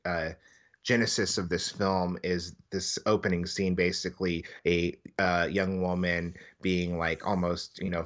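Very low-voiced man discussing a film. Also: flat delivery, measured pace, a bit bright, highs cut off. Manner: thoughtful, hedging with restarts. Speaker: podcast co-host. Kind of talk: casual film review chat.

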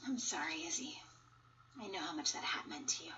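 An actress playing a warm, motherly woman gently comforting a girl, in a sitcom scene. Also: sits low, expressive, brisk, distant mic, slight background noise. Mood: tender. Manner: gentle, reassuring. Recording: lo-fi TV clip with faint background.

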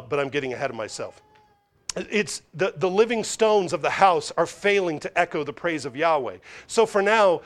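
Guy preaching, kinda high voice, asks questions then answers them, acts out the quotes. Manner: animated, acts out the quoted voices with big pitch swings; repeats phrases and answers his own questions. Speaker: pastor. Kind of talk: sermon.

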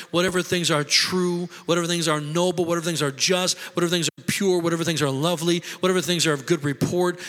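A man's voice: a little high, fairly bright tone. A middle-aged man preaching a sermon as pastor, impassioned and conversational, repeating himself for emphasis. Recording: long hall reverb.

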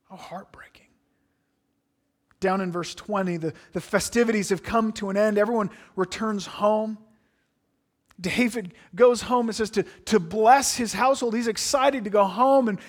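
A man preaching a sermon, reading scripture aloud and then explaining it earnestly, sometimes dropping to a hushed aside. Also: high voice.

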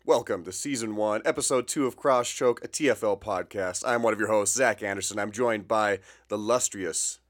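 A man's voice: on the low side, moderate pace, hardly any pauses. A man co-hosting a podcast, chatting in a laid-back, joking way in a small office. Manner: laid-back, joking, says "bro" and "dude". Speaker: podcast co-host. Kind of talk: casual chat.

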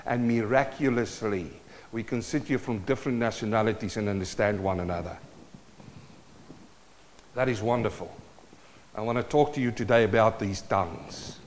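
A man's voice: lowish voice, moderate pace, pauses often, a little hiss or hum. Male preacher, South African accent, playful and interactive, recorded with long church reverb. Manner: playful, calls out to the congregation. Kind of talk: sermon.

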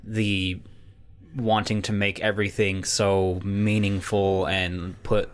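A man's voice: fairly low pitch, flat delivery, takes it slowly. A young man co-hosting a podcast, rambling through casual chat with lots of filler and free swearing. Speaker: podcast co-host.

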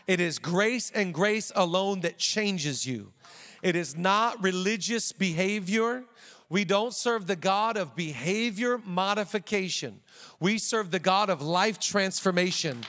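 Male pastor, high voice, energetic preaching, long church-hall reverb. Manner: animated preaching with quick asides and playful voices. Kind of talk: sermon.

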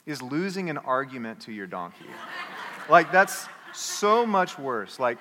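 A man preaching a sermon as pastor, telling a story in an animated way and acting out the characters. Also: medium pitch, unhurried, big-room sound, a faint crowd, a little hiss or hum. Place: church.

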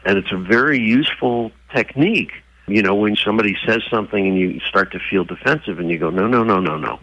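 A man's voice: on the low side, quick pace, low-quality recording. A man being interviewed as an author, talking about horses and energy and acting out voices as he tells stories. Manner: animated storyteller who acts out voices. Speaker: guest, author. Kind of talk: interview conversation with storytelling.

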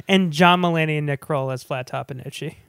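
Give me a podcast co-host chatting casually about films. The talk is eager and rambling, full of restarts and asides. The voice is smooth and the recording is close and dry. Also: mid-range voice, moderate pace, a bit bright, no echo. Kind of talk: casual movie chat.

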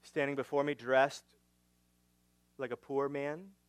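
A man's voice: mid-range voice, fairly even intonation, measured pace, clean tone, no room sound, natural voice. A man voicing a stern Roman governor questioning a prisoner in a sermon. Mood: probing. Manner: probing, repeated questions.

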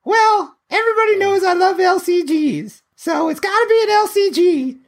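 A squeaky, twangy cartoon boy, put on by a man who brags and proclaims every line as if it settles the matter. The voice sits far above a normal speaking voice and drawls its words. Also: normal speed. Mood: boastful. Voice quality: high-pitched, twangy. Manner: over-the-top proclamations. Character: boastful high-pitched hammy cartoon boy. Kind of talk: playful put-on voice on a gaming stream.

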